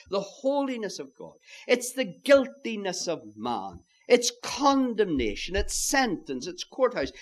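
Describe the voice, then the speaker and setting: Emphatic male preacher, lively pitch. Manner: emphatic, addresses listeners as "my friends" with rhetorical questions. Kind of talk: sermon.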